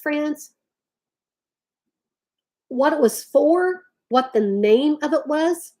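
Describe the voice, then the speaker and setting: A woman delivers a heated rant straight to her viewers. Her voice sits a little high, and she leans hard on her words, often drawling "y'all.". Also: darkish tone. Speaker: vlogger talking to live chat.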